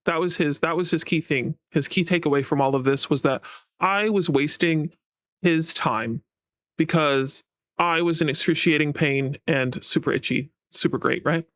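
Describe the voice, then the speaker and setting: A man's voice: fairly high pitch, moderate pace, fairly bright tone, clear, resonant tone, dry recording, clean studio sound. A man giving a casual personal update to his viewers as a VTuber, rambling and frustrated, swearing often. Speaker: VTuber and YouTube creator.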